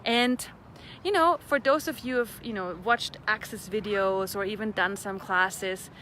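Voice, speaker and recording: A woman with a bright, clear voice gives a chatty, playful motivational talk outdoors. She is relaxed and quick to laugh, and she repeats set phrases. A faint hum of traffic sits behind her. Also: medium pitch. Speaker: facilitator of a personal-development class. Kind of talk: casual motivational talk to camera.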